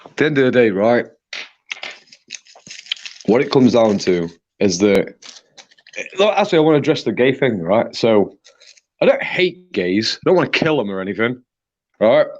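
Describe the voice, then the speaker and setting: A man's voice: mid-range voice, big pitch swings, normal speed, pauses often, darkish tone, a little hiss or hum. A guest in a heated live debate, heard through muffled, lo-fi audio. He rambles defensively and keeps checking in with "right?".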